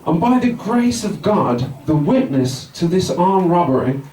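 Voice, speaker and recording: A man's voice: high-pitched, sing-song, measured pace, warm tone, reverberant, far from the mic, low-quality recording. A man with a West Midlands accent doing stand-up, telling a story with lots of swearing and acting out both sides of the dialogue, at a small pub comedy night. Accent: West Midlands English.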